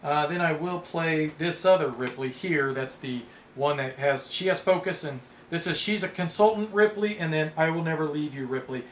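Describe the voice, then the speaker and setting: A man casually playing a tabletop card game, reading card text aloud with bursts of excited outcries. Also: a little high, moderate pace, few pauses. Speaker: board game player. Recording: echoey room with background noise.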